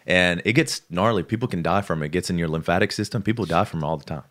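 A man's voice: deep voice, fast talker. A man, a podcast guest, telling a story in casual talk and acting out the people he quotes. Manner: lively, acts out the people he quotes.

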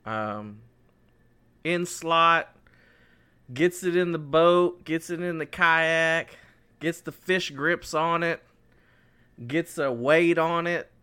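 A man's voice: on the high side, smooth. A man co-hosting a podcast, telling a story in casual chat and acting out the lines people said. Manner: animated storyteller who acts out his own and others' lines. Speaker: podcast co-host.

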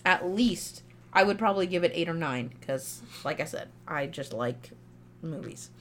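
A woman's voice: fairly low pitch, animated, normal speed. Young female podcast co-host, candid and emphatic, casual film talk. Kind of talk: casual film review chat.

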